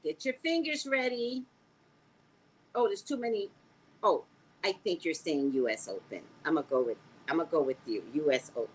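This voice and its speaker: A woman with a squeaky voice hosting a casual live stream, reading quiz questions to her viewers and bantering with them in a sassy way. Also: moderate pace, breathy edge, low-quality recording. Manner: sassy, animated, talks back to viewers.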